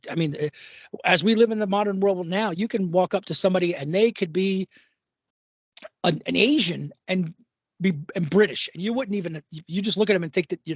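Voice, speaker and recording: A man co-hosting a casual podcast, with a high voice. He rambles and restarts, piling on emphasis and the odd curse. The sound is dry, with no room around it. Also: dry recording. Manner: rambling, emphatic, swears and laughs. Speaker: podcast co-host. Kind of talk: casual chat.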